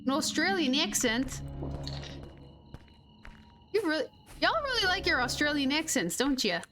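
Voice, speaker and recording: A woman's voice: high voice, very animated, measured pace, over music. A young adult woman streaming a game, chatting casually and playfully with her viewers. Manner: playful, giggly, chatty with chat. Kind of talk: casual live-stream chat. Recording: noisy stream audio.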